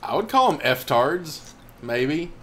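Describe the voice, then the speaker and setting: A man's voice: fairly high pitch, sing-song, fairly bright tone. Joking young male co-host. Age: young adult. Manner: joking, rambling, quick to laugh. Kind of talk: casual chat.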